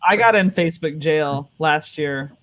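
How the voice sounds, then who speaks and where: A man's voice: on the high side, a little slow, fairly bright tone. An American comedian man, telling a story in a laid-back, casual way on a comedy panel. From California, USA.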